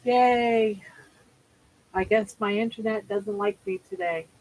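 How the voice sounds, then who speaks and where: A woman's voice: mid-range voice, steady tone, moderate pace, rough recording. Older woman, livestream host, casual live chat, chatty and rambling, frequent restarts, talking from home.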